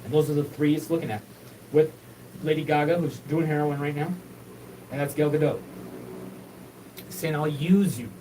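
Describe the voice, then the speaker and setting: A man's voice: a little high, level tone, moderate pace, long pauses, warm tone, far from the mic, slight background noise, low-quality recording. A man hosting his own show, talking in a rambling, repetitive, profane solo monologue. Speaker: show host.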